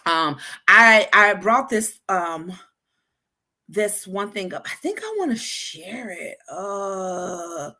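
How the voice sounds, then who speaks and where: A woman hosting a casual talk on healthy communication, speaking straight to her listeners, animated and stumbling into frequent restarts and repeated words. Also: mid-range voice, takes it slowly. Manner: addresses listeners directly. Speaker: podcast host.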